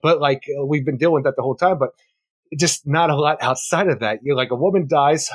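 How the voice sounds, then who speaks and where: A man co-hosting a comic book podcast, giving rambling opinions in casual review chat. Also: a little high. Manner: quick, rambling opinions with many fillers. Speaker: podcast co-host.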